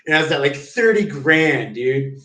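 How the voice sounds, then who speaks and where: A man's voice: fairly high pitch, expressive, normal speed, pushed and bright. A man livestreaming, telling rambling stories in a casual, profane, slangy way and saying "dude" a lot. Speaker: live streamer. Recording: roomy, distant mic.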